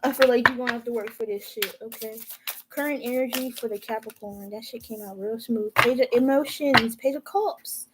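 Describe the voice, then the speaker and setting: A woman's voice: fairly high pitch, normal speed, heavy background noise. A young woman giving a casual, profane tarot reading, talking straight to her viewers. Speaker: tarot reader.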